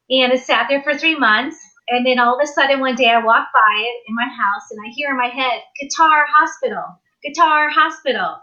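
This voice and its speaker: Bright animated woman telling a story. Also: a little high, dull audio. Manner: animated storyteller, acts out quoted voices. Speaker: guest. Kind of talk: storytelling on a live talk show.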